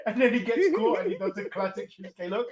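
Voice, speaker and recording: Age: adult. Sex: man. Origin: from England. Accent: English. Role: podcast co-host. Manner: step-by-step recap with "uh" pauses and chuckles. Pitch: a bit high. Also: sing-song, a crowd in the background. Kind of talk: casual wrestling recap chat.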